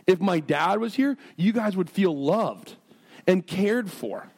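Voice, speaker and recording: Animated, higher-voiced pastor. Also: male voice, slow, creaky. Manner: animated, jumps between storytelling and earnest prayer; self-deprecating and jokey. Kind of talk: sermon with storytelling and prayer.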